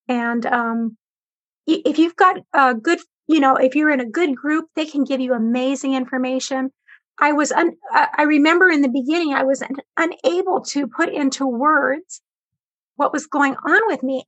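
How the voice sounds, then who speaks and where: A woman's voice: high-pitched, no echo, highs cut off. A woman guest on a talk show, earnestly retelling her experiences with quoted back-and-forth dialogue. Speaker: guest sharing cancer experience. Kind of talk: conversational storytelling.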